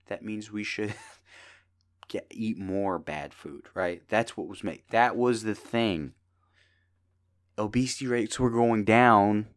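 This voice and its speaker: A young man hosting a podcast alone, telling rambling jokey stories in a tired, casual way. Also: fairly low pitch. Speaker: podcast host. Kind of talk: casual solo podcast chat.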